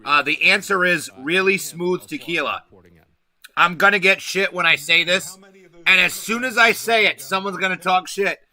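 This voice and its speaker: A man's voice: high voice, normal speed, sharp tone, poor audio. A man hosting a casual livestream, nervous and rambling, swearing as he talks to his chat. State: anxious. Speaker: livestream host.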